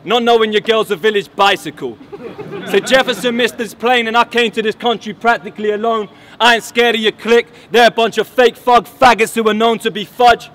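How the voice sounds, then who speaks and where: High-voiced man rapping taunts. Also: steady tone, brisk, a bit bright, a little hiss or hum. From England. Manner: boastful, mocking punchlines. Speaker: battle rapper. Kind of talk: rap battle verses. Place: outdoors at a battle event under a bridge.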